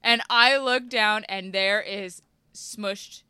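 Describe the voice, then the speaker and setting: A woman co-hosting a casual podcast, telling a story in an animated way and laughing often. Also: mid-range voice, slow pace, smooth, no echo, clean studio sound. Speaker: podcast co-host. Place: boat.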